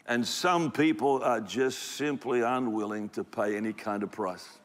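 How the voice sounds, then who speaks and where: A pastor preaches a sermon in a church auditorium, speaking at a medium pitch without hurrying. His delivery is emphatic yet conversational, and the recording carries echoey hall reverb.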